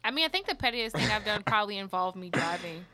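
A woman's voice: mid-range voice, animated, quick pace. A woman in casual chat, candid and teasing, with lots of "like" fillers.

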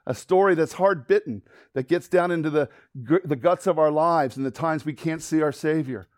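A man preaching a sermon, telling a Bible story with lively acted-out voices and closing in a hushed prayer. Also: on the high side, normal speed, hardly any pauses, no echo, studio quality. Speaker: pastor.

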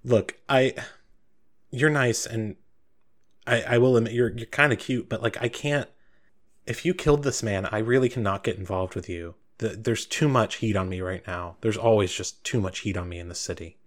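A guarded former monster hunter, a woman who flirts but keeps deflecting, nervous and confiding, as a man puts her on. Her voice sits low and quick-tempered, close to the game master's own tone. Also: natural voice. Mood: guarded flirting.

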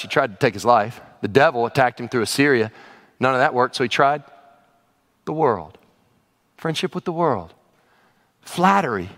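A man preaching a sermon in an animated, conversational way, with playful asides and direct questions to the congregation. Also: medium pitch. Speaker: pastor.

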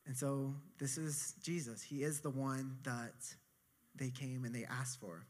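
A male pastor preaching a sermon in an easygoing, chatty way. He has a mid-pitched voice and corrects himself mid-sentence. His delivery feels like he is talking straight to his congregation. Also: steady tone, unhurried. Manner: casual conversational preaching with asides and self-corrections.

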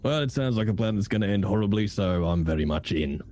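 A man's voice: on the low side, lively intonation, quick pace, mellow, a little hiss or hum, lightly acted. A man playing a dry, sardonic cocky man. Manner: dry, sarcastic. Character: cocky, sardonic male soldier impostor. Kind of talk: tabletop role-play voice acting.

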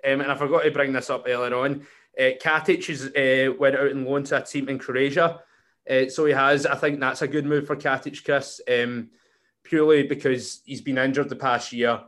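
A man's voice: mid-range voice, steady tone, normal speed, a bit bright. A man hosts a casual football podcast. He rambles along, restarting sentences and filling gaps with ums and likes. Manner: rambling, with frequent fillers and restarts. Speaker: podcast host.

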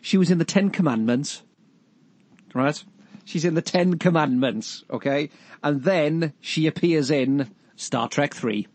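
A man hosts a film podcast, thinking aloud in a hesitant, searching way. His voice is husky, and the sound is close and dry. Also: fairly high pitch, unhurried, darkish tone, dry recording. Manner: thoughtful, hesitant, with many restarts and fillers. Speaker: podcast host. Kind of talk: casual film discussion.

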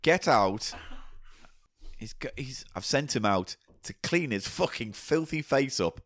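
A man's voice: medium pitch, lively intonation, normal speed, a bit bright. A man co-hosting a podcast, teasing his partner in casual banter and swearing freely. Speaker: podcast co-host.

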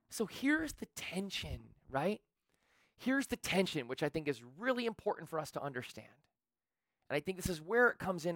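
A man's voice: sits high, fairly bright tone, no room sound, studio quality. A man preaching a sermon as pastor, talking conversationally with rhetorical questions. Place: church.

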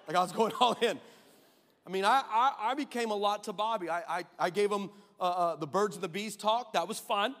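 High, bright-voiced pastor in a church hall. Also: male voice, fairly quick. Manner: animated, acts out quotes, laughs often. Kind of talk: sermon storytelling.

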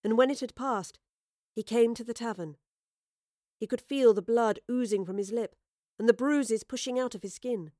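A woman narrating an audio drama in a measured, expressive storytelling manner on a close studio mic. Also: on the high side, dry recording.

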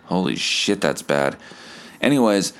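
Low-voiced, profane man. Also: sing-song, unhurried, gravelly, fairly bright tone, smooth. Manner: profane, rambling, stammering. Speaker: podcast host. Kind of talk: solo podcast rant.

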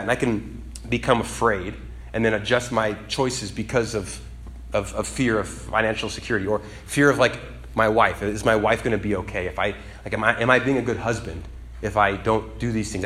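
A man's voice: fairly even intonation, a little fast, fairly bright tone. A man preaching a sermon in a casual, conversational way that climbs to emphatic peaks. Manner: conversational, dynamic, rising to emphatic high peaks.

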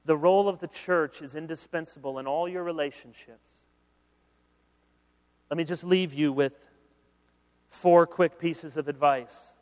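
A man preaching a sermon as pastor, conversational and animated, mixing humor with earnest appeals. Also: on the high side, measured pace, long pauses. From Michigan, USA. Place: large conference hall. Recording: long hall reverb.

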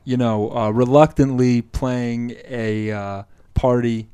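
A man's voice: medium pitch, steady tone, takes it slowly, warm tone, clear, resonant tone. Playful man ribbing a podcast guest. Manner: playful, ribbing, asks hypotheticals. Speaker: podcast co-host. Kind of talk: casual podcast banter.

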